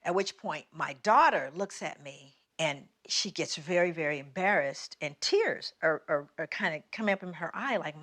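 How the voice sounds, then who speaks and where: Woman, bright forceful voice, animated storytelling, slightly low pitch. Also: normal speed, few pauses. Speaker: podcast guest. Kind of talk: casual storytelling.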